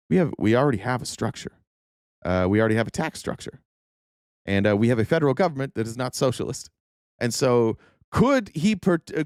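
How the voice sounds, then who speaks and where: A man's voice: mid-range voice, a little mellow, clear, resonant tone, dry recording, studio quality. A man hosting casual political commentary, sarcastic and profane, often mocking his opponents in mock voices.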